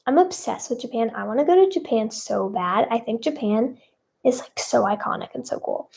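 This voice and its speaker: A woman's voice: fairly high pitch, expressive, normal speed, vocal fry, darkish tone. A young woman singer answering fan questions in casual chat, bubbly and self-conscious, with many fillers.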